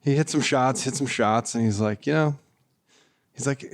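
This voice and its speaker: A man's voice: mid-range voice, moderate pace. A man, a golf equipment tour rep, guesting on a casual podcast and telling rambling stories with fillers and frequent laughter.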